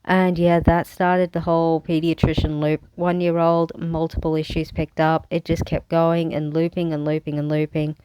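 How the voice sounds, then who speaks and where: A woman's voice: sits low, little pitch movement, moderate pace, few pauses, a little mellow, clear, resonant tone, rough recording. Frank, wry Australian woman vlogger. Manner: frank and wry, with bursts of sarcasm. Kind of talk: candid personal storytelling.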